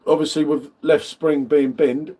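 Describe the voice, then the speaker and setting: A man's voice: fairly high pitch, little pitch movement, measured pace, dark tone, breathy edge. A man hosting a live beer tasting, chatting casually with matey banter and greeting viewers by name. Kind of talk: casual live-stream chat.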